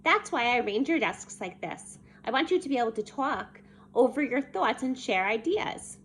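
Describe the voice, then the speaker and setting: A woman's voice: fairly high pitch, lively intonation, moderate pace, fairly bright tone, slight background noise. Woman doing a patient male teacher. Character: patient, gentle male schoolteacher.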